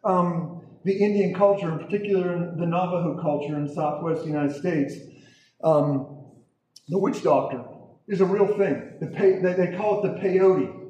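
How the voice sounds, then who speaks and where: A man's voice: sits high, normal speed, dark tone, dull audio. A man preaching and telling a testimony to a congregation, talking emphatically, repeating himself and checking in with "okay?". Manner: emphatic, repeats words, asks audience "okay?". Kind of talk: sermon testimony storytelling. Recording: echoey hall, distant mic, faint noise.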